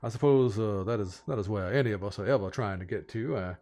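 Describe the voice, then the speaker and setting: A man voicing an older, bald, showy male city lord in a tabletop game, with a loud, grandly polite, folksy put-on Southern drawl. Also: fairly low pitch, fast, close to an everyday voice. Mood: probing.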